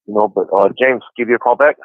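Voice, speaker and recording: A man's voice: mid-range voice, quick pace. Easygoing man on a tinny phone line. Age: 40s. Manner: easygoing storyteller, many "you know" fillers. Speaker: incarcerated caller on a podcast. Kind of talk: casual phone chat. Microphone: phone handset.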